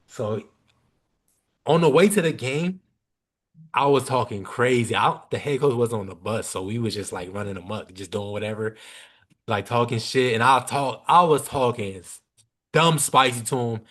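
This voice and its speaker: A man's voice: medium pitch, normal speed, pauses often. A young man chatting casually as a podcast guest, telling a story with lots of slang and swearing. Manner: animated, slangy, swears freely.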